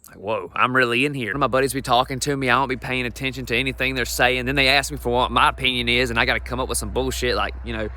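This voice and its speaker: A man's voice: mid-range voice, flat delivery, rapid-fire, hardly any pauses, sharp tone. A young adult man doing brash, profane, self-deprecating stand-up comedy.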